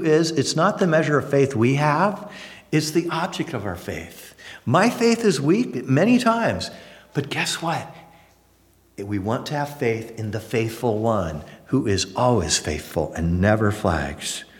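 Folksy, animated male Bible teacher. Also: fairly low pitch, big-room sound. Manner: folksy and animated, acts out the psalmist's prayers.

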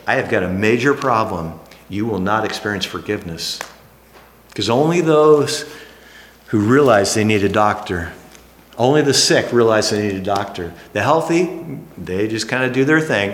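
A man preaching a sermon, emphatic, dropping to hushed lines and then rising to animated exclamations. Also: lowish voice, moderate pace. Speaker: pastor. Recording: echoey hall.

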